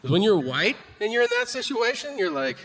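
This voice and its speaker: Comedian guy on stage, high-ish voice that swings up and down a lot, acting out bits. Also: brisk. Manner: animated storytelling, acts out voices and shouts. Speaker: stand-up comedian. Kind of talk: stand-up comedy set. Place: comedy stage before a live audience. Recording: live room with audience noise.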